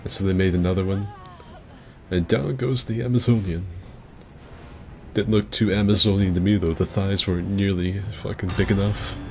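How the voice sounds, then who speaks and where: Gravelly low-voiced man joking through gaming commentary. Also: flat delivery, quick pace, hardly any pauses, a little mellow, a little hiss or hum. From mixed heritage, partly Asian. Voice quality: gravelly, rough voice. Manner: crude, joking, reads chat aloud. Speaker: streamer hosting a game fight club.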